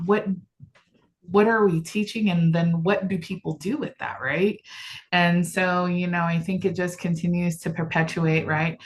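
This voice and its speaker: A woman speaking on a panel, thoughtful and earnest, who keeps checking in with her listeners as she builds each point. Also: low-pitched.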